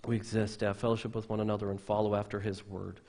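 A man pastor preaching a sermon from the pulpit of a church, emphatic, with loud stresses that drop into quiet asides. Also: on the low side, level tone, fast talker.

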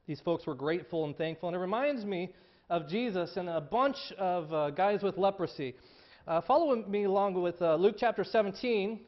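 A man's voice: high voice, lively intonation, normal speed, muffled recording. A male pastor preaching a sermon in a conversational storytelling way, often repeating words as he goes.

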